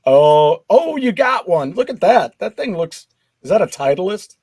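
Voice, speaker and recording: A man's voice: sits high, sing-song, a little mellow, slightly rough, no echo. A man co-hosting a casual gaming chat show, joking and trading banter. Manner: jokey, quick with banter.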